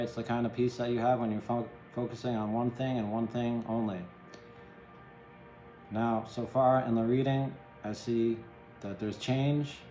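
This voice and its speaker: A man talks through a tarot reading in an easy, rambling way, often checking in with the listener. His voice sits at a middle pitch and sounds roomy, with faint music underneath. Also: mellow. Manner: chatty, empathetic, rambling with many "right?" tags. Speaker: tarot reader.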